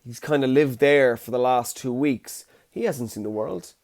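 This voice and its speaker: A man's voice: medium pitch, normal speed, darkish tone. A young man, hosting a casual solo podcast with chatty, jokey storytelling. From Ireland. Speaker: podcast host.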